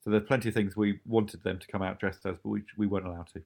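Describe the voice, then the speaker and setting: A man, the creator of a show, chatting casually about making it, quick and often laughing. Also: on the low side, steady tone, gravelly, darkish tone. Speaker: show creator talking about his series. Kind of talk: casual podcast chat.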